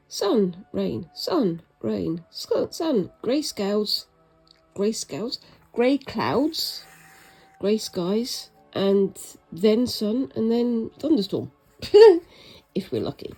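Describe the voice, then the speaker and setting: A woman's voice: medium pitch, slightly rough, poor audio. A woman chatting casually and rambling a little as she stitches a craft project, with a self-mocking humour. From Britain. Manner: rambling, self-mocking, soft-spoken at times. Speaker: craft vlogger. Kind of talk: casual chat while stitching.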